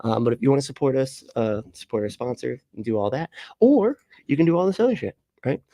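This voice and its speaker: A man in his late thirties chats loosely on a livestream, wandering from topic to topic, laughing often and swearing freely. His voice sits at an ordinary middle pitch and sounds dry and close, with no room around it. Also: animated, fairly quick, dark tone, dry recording. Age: late 30s. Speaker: livestream host. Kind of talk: casual livestream chat reading comments.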